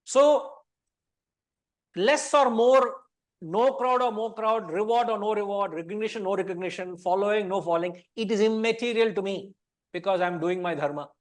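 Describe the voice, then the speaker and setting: A man's voice: sits high, fairly quick, no room sound. A middle-aged man with an Indian English accent, teaching the Gita to a study class in a conversational, teasing way.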